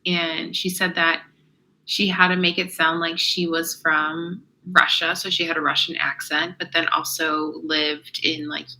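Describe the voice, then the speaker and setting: A woman's voice: low voice, level tone, measured pace, bright, forceful tone, poor audio. A woman co-hosting a podcast in casual chat, rambling with lots of fillers. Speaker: podcast co-host.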